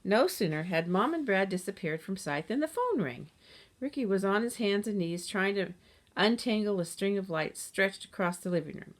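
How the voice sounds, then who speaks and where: A woman narrating a children's chapter book aloud in a steady, gentle reading manner. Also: medium pitch, normal speed. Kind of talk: storybook read-aloud.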